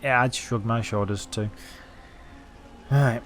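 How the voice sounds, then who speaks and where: Give me a man narrating his own game playthrough in a loose, joking way, often answering the characters on screen. His voice sits in a middle pitch, and faint game music plays underneath. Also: unhurried, a bit bright. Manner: jokey, talks back to the characters. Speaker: let's-play gamer. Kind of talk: casual game commentary.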